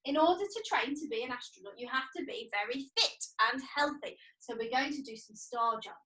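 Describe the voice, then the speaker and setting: A young preschool educator leads a cheerful, sing-song video lesson, counting along as the children exercise. Her high voice is brisk and sharp, with lively intonation.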